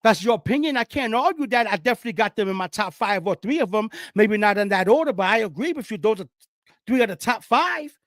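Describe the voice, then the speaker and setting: A man hosting his own football talk show, speaking casually and excitedly, preaching to viewers and whooping as he hypes his segments. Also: high-pitched, quick pace, no room sound, studio quality. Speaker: sports show host. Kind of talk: casual sports talk monologue.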